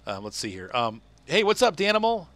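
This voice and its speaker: A man's voice: fairly high pitch, very animated, fairly quick, fairly bright tone. A man from Ohio chatting casually on a live game stream, rambling and laughing often. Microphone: headset.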